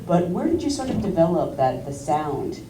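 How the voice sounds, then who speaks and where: Deep-voiced woman moderating a stage Q&A. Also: very animated, noisy background. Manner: chatty, enthusiastic, quick to react. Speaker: interviewer, moderator. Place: festival stage before an audience. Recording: roomy hall, distant mic, audience audible.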